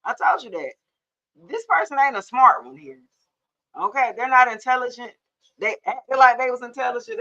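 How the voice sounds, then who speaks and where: A young woman reads tarot cards straight to camera, sassy and blunt, with quick laughing asides. Her voice is bright and sharp, and the sound is dull and lo-fi, like a phone mic. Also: mid-range voice. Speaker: tarot reader. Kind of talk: casual tarot reading to camera.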